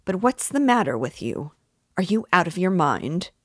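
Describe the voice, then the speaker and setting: Woman reading a pompous, condescending gentleman. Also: big pitch swings, normal speed, no echo, clean studio sound. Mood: indignant. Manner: condescending, wordy, later shrill and indignant. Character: pompous self-righteous middle-aged man.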